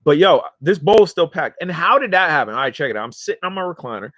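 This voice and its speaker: A man's voice: fairly high pitch, expressive, fast talker, a bit bright, no echo, highs cut off. A man with a New York or New Jersey accent, chatting casually to livestream viewers from his recliner at home, rambling and slangy and easily sidetracked. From New York or New Jersey area. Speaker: smoking vlogger and livestream host.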